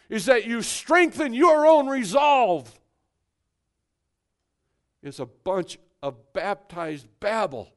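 Preacher, male, high-pitched and emphatic, hushed one moment and forceful the next. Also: very animated, slow. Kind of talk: sermon.

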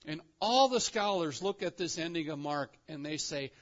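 A man preaching a sermon emphatically, asking his listeners rhetorical questions and swinging between loud and quiet. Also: a little high, expressive, moderate pace. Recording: dull lo-fi recording.

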